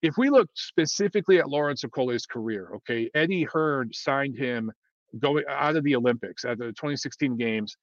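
A man delivers casual, blunt opinions in a rambling monologue, stopping often to restart. His voice sits at an ordinary pitch. The recording is dry and a bit muffled. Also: normal speed, no room sound. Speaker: boxing commentator. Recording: dull lo-fi dry sound.

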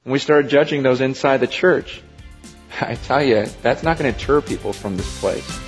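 A man's voice: mid-range voice, normal speed, faint music behind. Preacher man in a reverberant church. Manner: emphatic, conversational preaching. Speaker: pastor. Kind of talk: sermon. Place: church sanctuary. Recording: dull lo-fi recording with long hall reverb.

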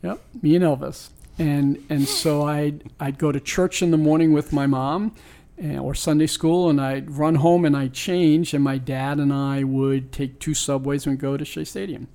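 A man's voice: on the high side, fairly even intonation, normal speed, few pauses, warm tone. A man in his sixties from New York, a sports team owner, tells a personal story in an interview. He is reflective and earnest and often restarts his sentences. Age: 60s.

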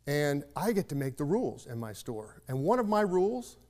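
A man's voice: fairly high pitch, big pitch swings, normal speed, a little mellow. A preacher voicing a kindly, patient male shopkeeper in a story, with long reverb around him.

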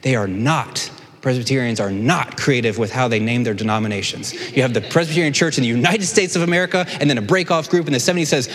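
A man's voice: mid-range voice, quick pace, fairly bright tone. A man preaching a sermon as a pastor, with self-deprecating asides and joking questions to the audience. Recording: long hall reverb.

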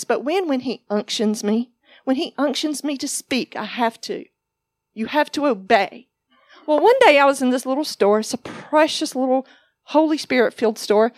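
Animated woman preaching. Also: high voice, normal speed, dry recording, studio quality. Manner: animated storytelling, acting out voices in quotes. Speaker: ministry teacher. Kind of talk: teaching sermon with personal testimony.

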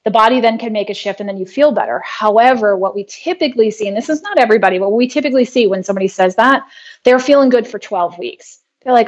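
Woman, interview guest, earnest explainer, slightly high voice, muffled lo-fi audio. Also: quick pace. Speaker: guest, wellness practitioner. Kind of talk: conversational interview storytelling. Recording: dull lo-fi audio.

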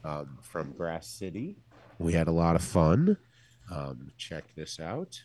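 A man with a very low, dark voice that swings widely in pitch as he talks. He chats loosely and jokes, swearing freely. The sound is dry and close. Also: big pitch swings, slow pace. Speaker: podcast regular. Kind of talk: casual chat. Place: traveling abroad, calling in remotely.

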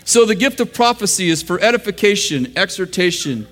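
Joking American pastor with a raised voice. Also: male voice, sits high, sing-song, fairly quick, a bit bright. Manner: joking, conversational, laughs at his own lines. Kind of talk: sermon teaching. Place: church.

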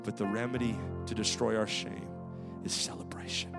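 A male pastor preaching a sermon in a church, swinging rhythmically from loud to hushed. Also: fairly low pitch, level tone, normal speed, gravelly, loud music behind the voice. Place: church sanctuary.

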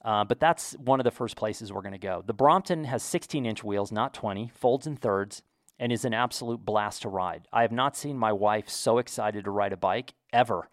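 This is a vlogger from the United States, an American man sharing a chatty, enthusiastic story with his viewers as he talks casually to camera. His voice sits on the low side and moves at a normal speed, captured in a dry, studio-quality recording.

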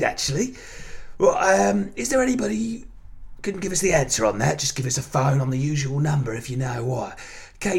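A man hosting a comic football phone-in, deadpan and awkwardly tactless. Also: on the high side, vocal fry. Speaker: radio phone-in host, ex-pro footballer.

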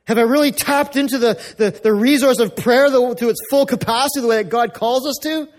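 A man's voice: very high voice, brisk. A male pastor from North America giving a conversational, emphatic sermon with lots of repetition.

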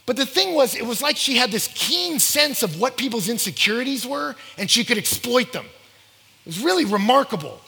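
A man preaching a sermon, telling stories and acting out dialogue in an animated way. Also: very high-pitched, moderate pace, gravelly, breathy edge. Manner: animated, acts out dialogue in voices. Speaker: pastor. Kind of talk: sermon with storytelling. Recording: long hall reverb.

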